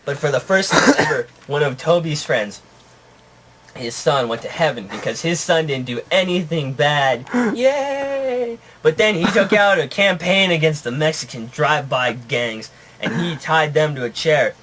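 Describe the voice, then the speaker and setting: A man narrating a made-up puppet story off the cuff, his voice slightly high. He keeps a deadpan tone and keeps breaking into laughter, with a faint hiss behind him. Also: normal speed.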